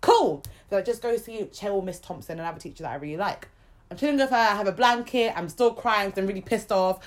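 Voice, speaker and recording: Casting: young woman, podcast co-host, lively storyteller who swears a lot and does the other voices, mid-range voice. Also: mid-range voice, fast talker. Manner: animated, swears freely, acts out other people's lines. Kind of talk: casual storytelling chat.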